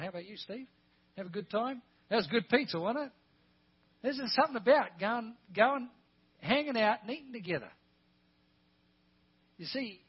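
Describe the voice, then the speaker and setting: A man preaches a sermon in a high, slightly husky voice. He keeps asking the congregation questions and builds to loud, emphatic peaks. The recording is muffled and lo-fi. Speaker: guest preacher.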